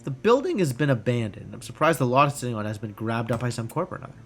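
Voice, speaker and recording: Man reading pompous elf doctor, disgraced, haughty, melodramatic, game dialogue, middle pitch. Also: big pitch swings, fast talker, faint music behind. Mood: businesslike.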